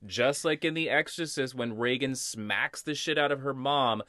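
A man's voice: mid-range voice, normal speed, sharp tone, no echo, clean studio sound. Easygoing man podcast co-host. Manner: easygoing, chiming in with short agreements. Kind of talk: casual film recap chat.

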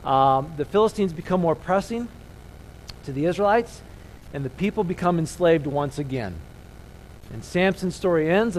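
A man's voice: sits high, darkish tone, a little hiss or hum, low-quality recording. A man preaching a conversational sermon, checking in with "okay?" and having the congregation repeat key phrases. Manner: conversational, leads call-and-response, frequent "okay?" checks.

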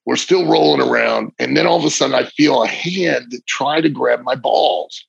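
A man's voice: medium pitch, normal speed, vocal fry, slightly rough, no echo. A middle-aged man, a former wrestler, telling rambling, vivid stories in a casual interview, often restarting his sentences. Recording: dull lo-fi recording.

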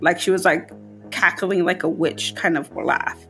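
Woman, podcast host, casual storytelling, lowish pitch, animated. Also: unhurried, faint music behind. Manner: animated, voice jumping high when quoting herself.

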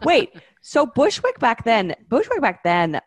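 A man in casual chat, throwing in quick jokey interjections. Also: very high voice, wildly swooping pitch, no room sound, studio quality.

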